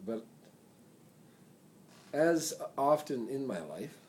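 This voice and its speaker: Slow-talking man telling a story. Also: medium pitch, a little hiss or hum. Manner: rambling, slow, drawn-out delivery; loud and excited when reenacting chants. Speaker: vlogger. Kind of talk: casual storytelling to camera. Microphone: phone.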